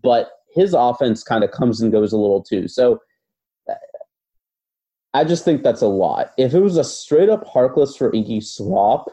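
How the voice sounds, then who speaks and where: A man's voice: medium pitch, big pitch swings, measured pace, warm tone. A man co-hosting a basketball podcast, talking through his views in a casual, thoughtful way with many fillers and hedges. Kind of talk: casual analytical chat.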